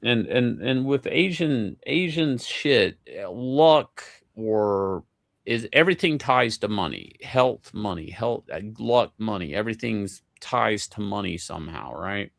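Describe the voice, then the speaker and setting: Man, casual storytelling, gravelly voice, lively swooping pitch, profane, stammering restarts. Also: a little slow.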